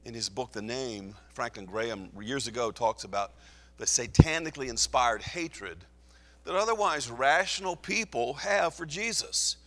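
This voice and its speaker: A man's voice: mid-range voice, expressive, moderate pace, a bit bright, big-room sound. A man teaching through a Bible passage, reading scripture aloud with rising emphasis. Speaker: preacher.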